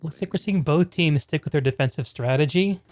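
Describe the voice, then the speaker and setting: A man's voice: fairly high pitch, brisk, a little mellow. A man hosting a live stream and commentating a competitive video game match, chatty and upbeat, calling the viewers "y'all".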